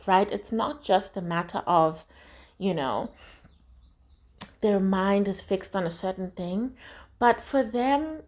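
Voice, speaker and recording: A woman from South Africa hosting a podcast, talking frankly in a casual motivational monologue, with lots of swearing and "right?" tags. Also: medium pitch. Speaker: podcast host.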